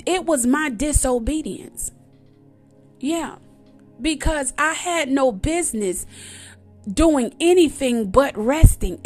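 A woman's voice: high-pitched, darkish tone. A woman giving an emphatic, repetitive personal testimony in a conversational preaching style. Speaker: devotional speaker.

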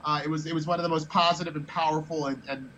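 A man's voice: fairly high pitch, steady tone, very fast, fairly bright tone, muffled recording. A man guest telling a story in a casual, rambling way, often repeating words as he thinks.

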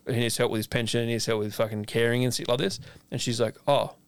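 A man, co-hosting a chef podcast, telling a story in a lively, casual way, acting out the voices of the people in it and swearing freely. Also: mid-range voice, fast talker, clear, resonant tone, dry recording.

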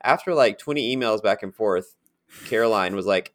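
A man's voice: fairly low pitch, moderate pace. A man co-hosting a podcast in casual chat, rambling and chatty, laughing at his own stories. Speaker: podcast co-host.

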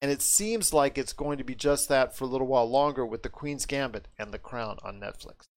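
A man from the United States hosting a podcast, talking with enthusiastic, drawn-out emphasis. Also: medium pitch. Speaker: podcast host. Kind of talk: casual podcast chat.

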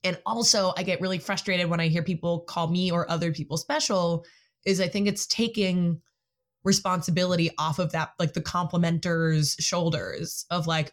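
A woman's voice: on the low side, steady tone, moderate pace. A woman in casual conversation, speaking candidly and self-consciously, often quoting what others say.

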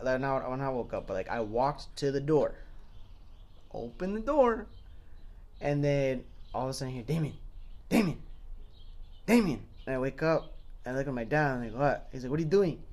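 A young man co-hosting a podcast, telling animated stories in casual chat, swearing freely and acting out what people said. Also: medium pitch. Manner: animated storyteller, swears freely, acts out quoted voices. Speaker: podcast co-host.

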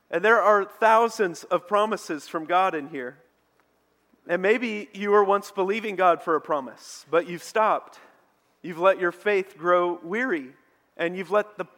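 High-voiced animated male preacher. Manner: animated storytelling preacher, mocking shouts in quoted lines. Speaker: pastor. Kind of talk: sermon. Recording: long hall reverb.

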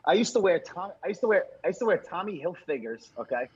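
Husky teasing man, lo-fi sound. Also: high-pitched, fast. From New York. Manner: teasing, animated. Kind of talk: casual chat.

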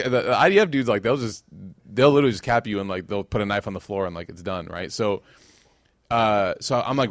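A man, giving a religious lecture as a casual, animated storyteller who acts out quotes. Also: on the low side, fairly quick, dry recording, clean studio sound.

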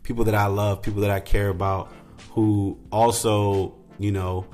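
A young adult man casually introducing comedy clips, relaxed and rambling with many fillers. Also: fairly low pitch, moderate pace, soft background music. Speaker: podcast host. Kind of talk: casual commentary.

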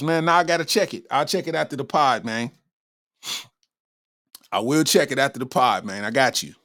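A man's voice: fairly high pitch, moderate pace, a bit bright. A man hosting a comedy podcast, riffing in a slangy, incredulous way, laughing often and reading out chat comments. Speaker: podcast host.

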